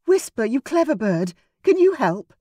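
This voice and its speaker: Woman doing a spirited young regency lady, high and urgent, very dry sound. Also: big pitch swings, moderate pace, slightly rough, no room sound, exaggerated voice. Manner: urgent, commanding shouts. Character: brave young Regency lady, quick-witted.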